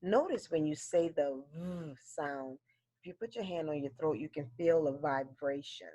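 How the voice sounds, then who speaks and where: A woman teaching a phonics lesson to children, slowly drilling pairs of words for the class to repeat. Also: low-pitched, dark tone, dry recording. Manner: slow, clearly drilled word pairs.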